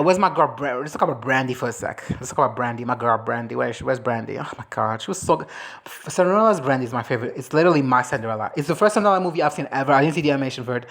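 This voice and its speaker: A woman chatting casually as a movie reviewer, animated and swearing, breaking into quick impressions of characters. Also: extremely low pitch. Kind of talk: casual reaction chat.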